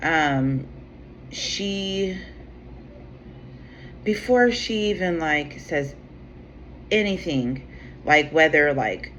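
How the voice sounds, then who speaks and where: Her voice sits low yet fairly bright, expressive, with drawn-out words and long pauses as this tarot channel host rambles casually through a story. She swears freely and fills gaps with "like" and "you know what I'm saying." Slightly dull sound carries faint room ambience and a little hiss or hum.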